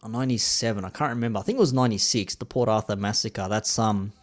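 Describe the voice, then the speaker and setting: A man's voice: on the low side, fairly even intonation, quick pace. A man in his thirties with an Australian accent, hosting a laid-back, rambling live-stream chat in plain slang.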